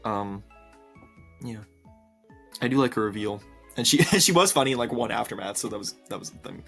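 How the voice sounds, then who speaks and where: A man's voice: on the low side, lively intonation, brisk, gravelly, fairly bright tone, faint music behind. A young man chatting casually with many ums and likes, giggling often while reacting to viewer opinions on a cartoon series. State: tired. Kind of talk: casual commentary.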